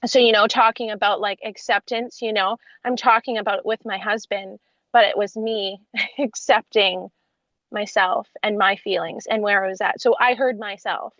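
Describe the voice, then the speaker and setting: A woman's voice: mid-range voice, fairly even intonation, normal speed, a bit bright, no echo. Woman guest chatting thoughtful, muffled lo-fi sound, dead dry. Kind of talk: casual conversation. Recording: dry dull lo-fi audio.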